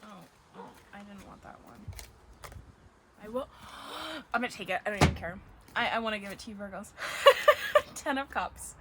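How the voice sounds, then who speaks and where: A woman's voice: mid-range voice, lively intonation, normal speed, very noisy. Emotional woman giving a tarot reading. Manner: emotional, gushing, near tears. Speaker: tarot reader. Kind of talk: casual tarot reading to camera. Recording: dogs barking in the background. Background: dogs barking.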